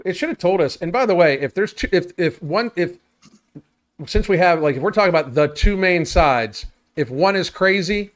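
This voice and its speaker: A man's voice: sits high, animated, moderate pace. A man co-hosting a casual political podcast, mostly giving short agreeing replies. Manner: brief agreeing interjections. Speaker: podcast co-host.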